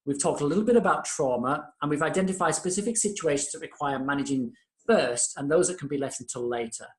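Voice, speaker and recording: Speaking quickly in a voice on the high side, this Australian senior lecturer teaches paramedic students in a recorded lesson. He keeps things informal while instructing.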